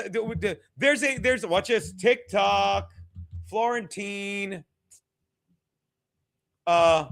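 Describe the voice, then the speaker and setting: A man's voice: high-pitched, creaky, a bit bright. A stand-up comedian, a man, giving a rambling, profane, combative rant as stream commentary.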